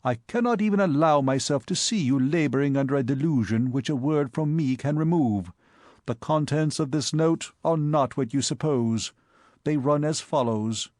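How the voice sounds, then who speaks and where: A man's voice: fairly high pitch, normal speed, darkish tone, dry recording, close to an everyday voice. A man voicing a sheepish, awkward young aristocrat in an audiobook, hesitant and stammering. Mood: earnest. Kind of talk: audiobook character voice.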